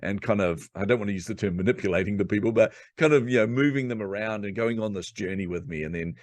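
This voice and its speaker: A man with a low, deep voice, a podcast guest from New Zealand telling a story from his childhood. He talks in a lively, conversational way and acts out the voices of the people he quotes. The sound is dry and close to the mic. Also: fast, no room sound.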